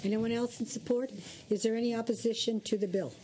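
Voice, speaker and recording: A woman chairing a legislative committee hearing, brisk and procedural. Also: on the high side, fairly even intonation, warm tone, slight background noise, low-quality recording.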